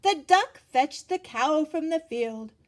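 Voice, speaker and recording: A woman reading a picture book aloud to children, pausing to ask them gentle questions. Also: high-pitched, expressive. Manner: gentle, asks the listener questions, gasps for effect.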